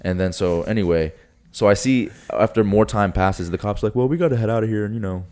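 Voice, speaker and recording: Fast-talking deep-voiced young man. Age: young adult. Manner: animated, swearing, acts out quotes. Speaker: podcast co-host. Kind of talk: casual storytelling chat.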